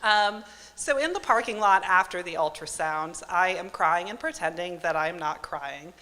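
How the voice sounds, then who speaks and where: Bright-voiced woman telling a story live. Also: fairly low pitch, normal speed. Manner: wry, self-mocking, deadpan asides. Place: stage at a live event venue. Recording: live hall with long reverb.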